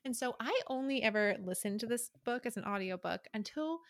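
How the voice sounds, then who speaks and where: A woman's voice: fairly high pitch, lively intonation, a little fast, dry recording, clean studio sound. A woman co-hosting a casual book chat podcast, talking loosely with lots of fillers and acting out characters' lines. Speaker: podcast co-host.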